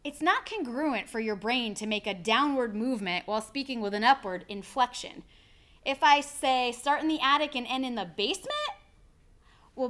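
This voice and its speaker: A woman, an executive speaker coach, giving a clear, deliberate lesson on how to speak with confidence. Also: fairly high pitch, a bit bright. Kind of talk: instructional video presentation.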